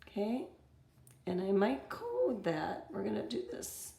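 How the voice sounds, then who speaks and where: Gravelly-voiced woman teaching a reading lesson. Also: medium pitch, huge pitch swings, slow, mellow, roomy sound. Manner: reads text aloud and explains step by step.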